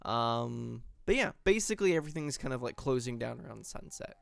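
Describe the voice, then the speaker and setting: A man's voice: medium pitch, animated, brisk, creaky, dry recording. A man narrating a tabletop game as game master, setting scenes loosely with plenty of fillers.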